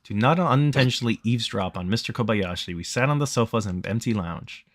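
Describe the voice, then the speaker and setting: A man's voice: on the low side, lively intonation, quick pace, dry recording. A man reading a visual novel aloud in a casual, joking way. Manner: casual, joking, laughs a lot. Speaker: streamer reading a game.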